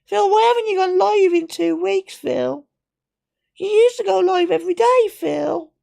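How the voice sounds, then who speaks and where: A man mimicking a whiny, nagging male viewer in a shrill falsetto. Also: expressive, unhurried, gravelly, darkish tone, full character voice. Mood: whining. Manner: mocking whine with repeated nagging.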